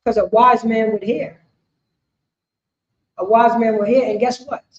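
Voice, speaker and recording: High-voiced New street preacher. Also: female voice, unhurried. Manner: animated, repetitive, punctuated with "you know what I'm saying". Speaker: preacher teaching scripture. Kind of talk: street sermon. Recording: echoey, dull lo-fi sound.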